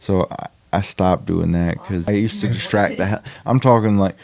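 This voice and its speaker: A man's voice: deep voice, steady tone, moderate pace, vocal fry, darkish tone. A young man chatting casually as a podcast guest about acting in indie films, rambling with lots of fillers and restarts. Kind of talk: casual chat.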